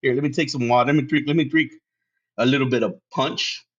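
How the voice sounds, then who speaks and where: A man's voice: mid-range voice, fairly even intonation, fast, fairly bright tone. A man hosting a casual solo podcast. He laughs often, swears freely and drops Spanish words into his English. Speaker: podcast host. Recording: dull lo-fi sound.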